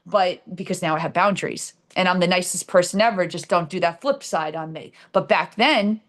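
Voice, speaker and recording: A woman's voice: on the low side, moderate pace, a bit bright. A middle-aged woman with a New Jersey accent, candidly telling a personal story on her own live stream show, with many fillers and restarts. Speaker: show host.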